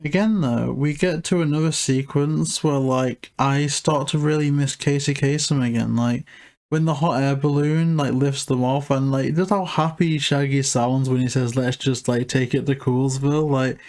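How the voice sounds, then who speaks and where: A man's voice: mid-range voice, fairly even intonation, moderate pace, a little mellow. A man co-hosting a casual film review chat, rambling and filling his talk with "like". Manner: rambling, heavy use of filler "like". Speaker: podcast co-host reviewing a film.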